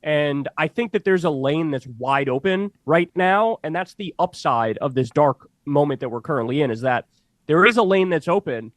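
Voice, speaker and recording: A man's voice: a little high, animated, normal speed, no room sound. A man giving urgent, emphatic opinion commentary in a played clip, repeating phrases to drive his point home.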